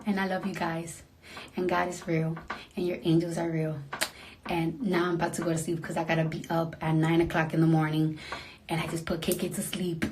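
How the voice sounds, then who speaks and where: A woman in an emotional, rambling late-night livestream to her fans, speaking softly and trailing off into near-whispers. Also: monotone, a little fast, a little hiss or hum. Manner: soft and low-key, trailing into near-whispers.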